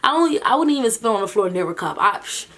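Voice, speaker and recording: A woman vlogger giving casual reaction commentary, animated and incredulous, often breaking into laughter between remarks. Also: a little high, fast talker.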